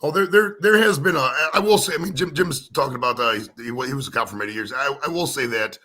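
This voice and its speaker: A man from the United States talks fast in a loose, rambling live-stream chat. His voice is bright and forward, and he keeps tacking "man" onto his sentences and restarting phrases. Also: mid-range voice. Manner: rambling, repeats words, says "man" a lot. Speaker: co-host.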